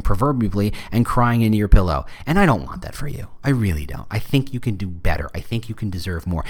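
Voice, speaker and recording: Male podcast host, lively pitch, joking and self-deprecating, casual advice monologue.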